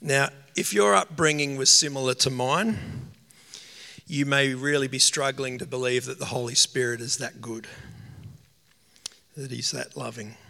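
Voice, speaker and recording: A male preacher delivering a heartfelt sermon, voice bright and edged with gravelly fry. He talks earnestly and gets emotional, dwelling slowly on key words as his voice rings through a hall with long reverb. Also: medium pitch. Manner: earnest, emotional, slow emphatic phrasing.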